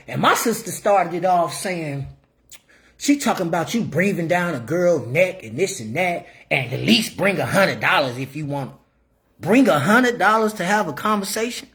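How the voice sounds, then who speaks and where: A middle-aged man rants bluntly at the camera in a preachy tone, hammering his points home by repeating lines. His pitch swings widely from low grumbles up to sharp, raised bursts. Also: animated, normal speed. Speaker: vlogger giving opinions. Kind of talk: opinion rant to camera.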